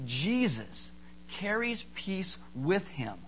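Bright-voiced male pastor preaching. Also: slow, a little hiss or hum, rough recording. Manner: animated, acts out panicky bystanders in high squeals. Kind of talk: sermon.

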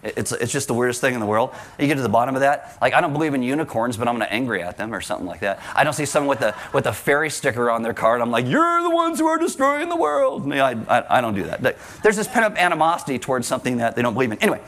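A male pastor preaching a sermon in an animated way, with joking asides and acted-out quotes. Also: medium pitch, rapid-fire, few pauses.

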